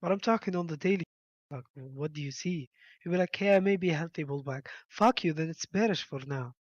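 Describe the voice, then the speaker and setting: A man's voice: fairly high pitch, fairly quick, no echo, lo-fi sound. A man chatting on a group voice call, mockingly acting out what other traders say. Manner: mocking, acts out others' lines. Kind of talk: casual chat.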